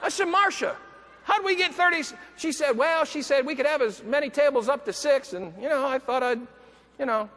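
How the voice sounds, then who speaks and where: A man giving a motivational keynote, telling a story with animated delivery, acting out the voices of people he quotes and breaking into shouts. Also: extremely high pitch, brisk. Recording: echoey hall, faint background noise.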